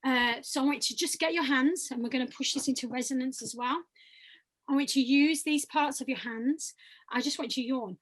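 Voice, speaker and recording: A woman with a high, bright-sitting voice leads vocal warm-ups over a video call. She encourages her students and demonstrates each sound herself. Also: brisk. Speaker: voice workshop leader. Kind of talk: leading vocal exercises.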